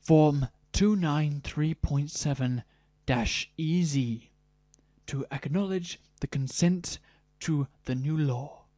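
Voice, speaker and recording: A man's voice: on the high side, slow, mellow, dry recording. A man voicing a pompous male council announcer, reading a formal proclamation aloud and stumbling over long words. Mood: proclaiming.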